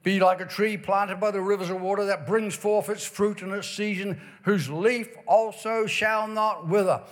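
High-voiced emphatic male preacher. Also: steady tone. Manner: emphatic, drawn-out emphasis on key words. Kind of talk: sermon. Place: church during revival meeting.

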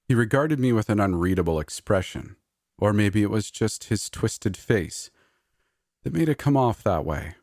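A man narrates a horror audiobook at a steady, measured pace. His voice is very low, and the recording is dry and close with no room echo.

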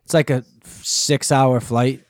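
A man's voice: mid-range voice, fairly even intonation, slow pace, no echo. Guy from boston area talking football, kinda hesitant, dry close sound. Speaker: podcast co-host. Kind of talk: casual sports chat.

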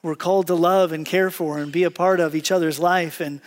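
A man with a high voice preaching from the pulpit, moving easily between prayer and joking stories. His delivery is conversational and animated, like he is talking with a room full of friends. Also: brisk. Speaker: pastor. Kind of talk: sermon with prayer and humorous stories. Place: church sanctuary with congregation.

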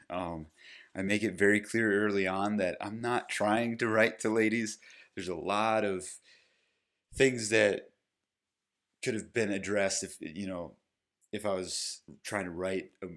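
Low-voiced man talking through his book. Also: a bit bright. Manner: conversational, thinking aloud with frequent restarts. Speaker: podcast host and author. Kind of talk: casual solo podcast talk.

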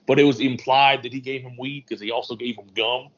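A man's voice: medium pitch, fairly even intonation, a little fast, a bit bright, a little hiss or hum. A man co-hosting a casual wrestling podcast, an enthusiastic fan who retells the show in detail. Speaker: podcast co-host. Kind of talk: casual wrestling recap chat. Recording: dull lo-fi sound.

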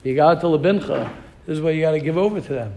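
A rabbi teaching an informal Torah class, animated and questioning his students, mixing in Hebrew terms. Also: fairly high pitch, fast talker, gravelly.

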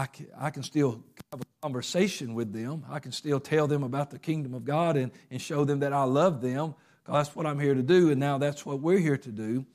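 A man preaching a sermon in a conversational way, acting out little quotes and often pausing with fillers. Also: mid-range voice, darkish tone. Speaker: pastor.

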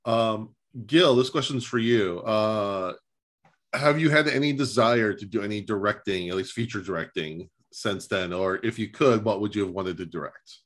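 A man hosting a podcast interview, asking questions in a measured way with a few hesitations. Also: lowish voice, fairly bright tone. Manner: measured, uses hesitation fillers. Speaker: podcast host.

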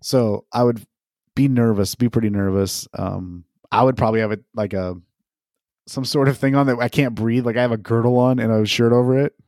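A man's voice: mid-range voice, steady tone, brisk, a little mellow, no echo. Male podcast co-host, rambling jokey delivery, swears freely, close dry mic. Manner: joking, rambling, swears a lot. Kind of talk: casual chat.

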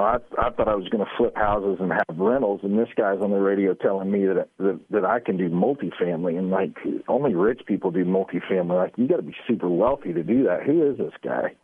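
A man's voice: on the low side, husky, no echo. A man, a radio show guest, telling his story casually and acting out the quoted lines. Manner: animated, acts out quoted lines. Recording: tinny phone line.

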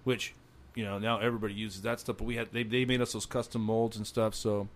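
A man chatting as a guest, telling lively workplace stories and acting out what people said, with many restarts. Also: fairly low pitch, quick pace. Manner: animated, acts out quoted dialogue, many restarts. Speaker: guest, former wheel salesman. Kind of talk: casual storytelling chat.

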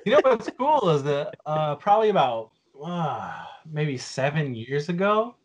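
Swinging widely in pitch, a slightly high, slightly slow male voice tells a rambling story on a casual podcast. The man, in his forties, keeps using fillers and restarting.

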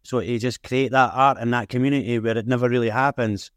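A man's voice: medium pitch, fairly even intonation, fairly quick, fairly bright tone, smooth, no room sound, clean studio sound. A man with a broad Edinburgh Scots accent, talking frankly as a guest in a casual interview. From Edinburgh, Scotland. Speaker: guest filmmaker and rapper.

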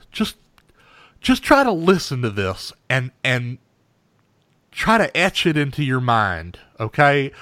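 A man's voice: medium pitch, fairly bright tone, dry recording, clean studio sound. Sighing, rambling male radio host. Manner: emotional, sighing, rambling with repeats. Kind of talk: scripted comedic radio banter.

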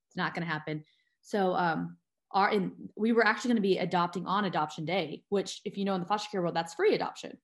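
A woman's voice: on the low side, fast talker. A woman, an adoptive mother and guest, telling her personal story with feeling, tearful and full of fillers and restarts.

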